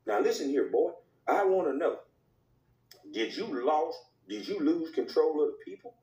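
A man's voice: fairly high pitch, lively intonation, moderate pace, darkish tone, echoey room, natural voice, low-quality recording. A man voicing a domineering male network boss who scolds and barks orders in a comedy skit. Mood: scolding. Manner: scolding, barking orders, profane.

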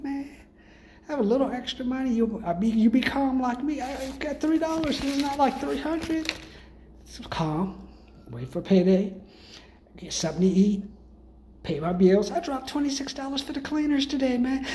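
Playing a self-proclaimed sales guru in a comedic monologue, a man with an expressive, slightly mellow voice speaks at normal speed. He's a profane, rambling hard-seller using street slang to plug expensive programs, and there's slight background noise.

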